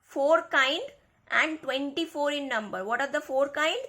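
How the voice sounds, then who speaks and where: A woman teaching a grammar lesson to schoolchildren, speaking slowly and repeating key words. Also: high voice, pushed and bright. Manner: slow, repeats key words, addresses kids.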